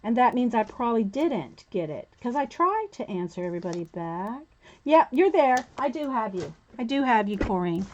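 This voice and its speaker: A woman's voice: fairly high pitch, very animated, moderate pace, highs cut off, a little hiss or hum. A woman hosting a crafting livestream, chatting casually and greeting viewers by name while she cuts and sorts art cards. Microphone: camera mic set low on the desk.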